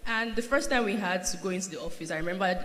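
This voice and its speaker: A woman's voice: mid-range voice, fast talker. Candid woman panelist in an echoey hall. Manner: candid, animated storytelling with laughs. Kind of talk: conference panel talk. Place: large conference hall. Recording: echoey hall, faint noise.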